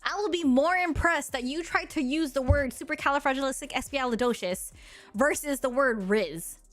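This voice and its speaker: Sassy high-voiced woman streamer. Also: normal speed, a bit bright, soft background music. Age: 30s. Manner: blunt, sassy and crude, laughing often. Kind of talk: casual chat to chat readers.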